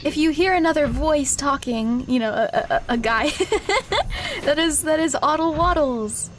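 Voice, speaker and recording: Female streamer, high and girlish, leisurely delivery, giggles through everything, faint background hiss. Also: expressive, unhurried. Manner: giggly, laughs constantly, bursts into shrieks. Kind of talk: casual live-stream gaming chat.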